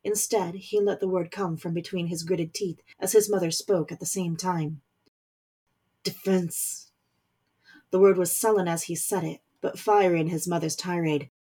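A woman reading a story aloud as narrator, in measured scripted narration. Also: fairly low pitch, steady tone, dark tone, breathy edge.

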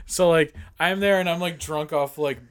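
A young man from the co-hosting a podcast, telling stories in casual banter and often breaking into loud laughing. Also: fairly high pitch, moderate pace, smooth, no echo. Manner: loud and laughing when retelling shouted chants. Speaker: podcast co-host.

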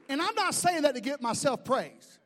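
High-voiced preaching man, shouting and joking. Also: sing-song, unhurried, a faint crowd. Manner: swings from shouting to quiet asides, folksy humor. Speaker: pastor. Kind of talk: sermon.

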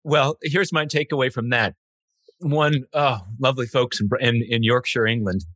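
A man's voice: medium pitch, normal speed, no room sound. A man hosting an interview, talking in stops and restarts and laughing often. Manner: warm-hearted, stumbling restarts, laughs often. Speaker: host. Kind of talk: interview conversation.

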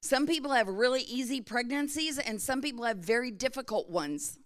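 A woman's voice: on the high side, animated, moderate pace. A middle-aged woman pastor giving a sermon in a conversational, storytelling way, often checking in with her congregation.

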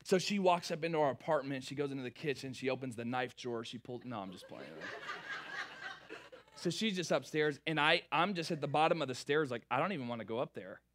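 Bright, animated young male preacher. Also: medium pitch, a little fast, a little hiss or hum. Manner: animated, playful storytelling with big swings in energy. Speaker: pastor. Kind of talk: sermon with a personal story.

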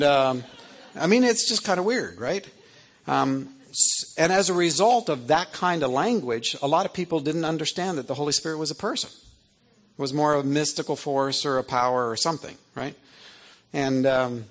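A man in his fifties, an author telling a story to an audience in an animated, chatty way, often checking in with "right?". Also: mid-range voice. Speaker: author and speaker.

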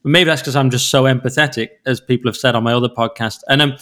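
A man's voice: medium pitch, fairly even intonation, quick pace, a bit bright. A man co-hosting a podcast in casual chat, joking and bantering wryly. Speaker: podcast co-host.

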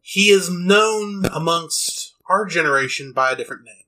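A man co-hosting a podcast, chatting casually and rambling with quick asides and restarts. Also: sits high, lively intonation, sharp tone, slight background noise, rough recording. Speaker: podcast co-host. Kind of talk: casual chat.

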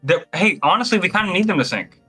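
A man at a tabletop game chats eagerly, tripping over his questions. His voice is high and swings widely. Music is clearly audible behind him. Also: expressive, fast talker, bright, forceful tone. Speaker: player. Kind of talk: casual chat.

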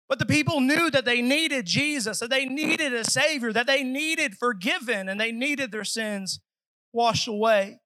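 A man's voice: extremely high pitch, a little slow, pushed and bright, dry recording, low-quality recording. A man preaching a sermon at a church service, earnest, and acting out pleading voices as he speaks.

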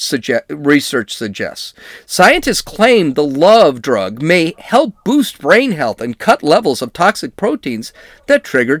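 A middle-aged man reads odd news items aloud and cracks sarcastic jokes about them. His voice sits somewhat high and swings widely in pitch. The recording is dry, with no room echo. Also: fairly bright tone. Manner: wry, sarcastic, digressive. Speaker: podcast host. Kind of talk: comedic news commentary.

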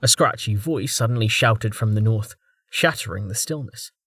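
Measured male audiobook narrator, dry sound. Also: on the low side, a bit bright, slightly rough, no echo.

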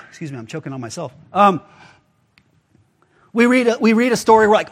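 A man's voice: high-pitched, big pitch swings, a little fast, long pauses. A man preaching a casual, conversational sermon as pastor, often acting out quoted voices with filler words.

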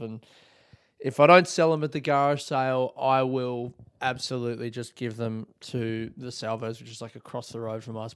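A man's voice: mid-range voice, clean tone, no room sound, studio quality. A young Australian man hosting a casual solo podcast, rambling upbeat and swearing freely. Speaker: podcast host.

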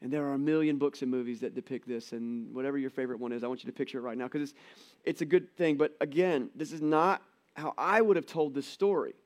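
A man preaching a sermon to his church in a conversational, animated way, with jokey asides. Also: mid-range voice, fast. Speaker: pastor.

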